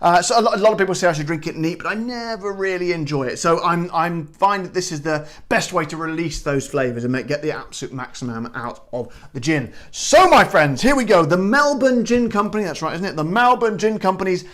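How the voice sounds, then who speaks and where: A man hosts his own gin-tasting show, speaking to the camera in a high voice. He bursts into loud exclamations at each sniff and sip, then rambles on with plenty of stumbles and restarts. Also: expressive, a little fast, few pauses. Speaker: gin reviewer, show host. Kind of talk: casual tasting review to camera.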